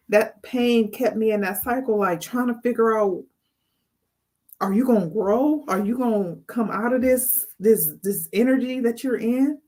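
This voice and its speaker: A woman's voice: fairly high pitch, normal speed, darkish tone. A woman hosting a heartfelt spiritual talk as a life coach, speaking to the camera in an earnest, emotional way and often repeating her words. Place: indoors, on camera.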